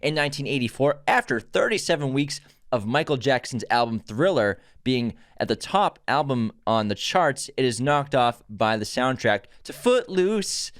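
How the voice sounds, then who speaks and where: A young man co-hosting a film podcast, reading dates and picks in a brisk, easygoing way. His voice sits at a plain middle pitch. The sound is close and dry. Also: sing-song, dry recording. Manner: brisk list reading with easy banter. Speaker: podcast co-host. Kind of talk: casual film podcast chat and segment reading.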